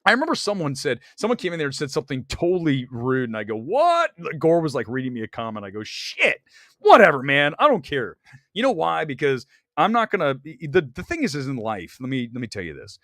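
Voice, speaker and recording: Animated man ranting on a movie show. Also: mid-range voice, fast talker, few pauses, no echo, clean studio sound. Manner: animated, rambling, emphatic rants. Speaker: movie talk show host. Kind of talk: live-stream movie commentary. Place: Los Angeles area.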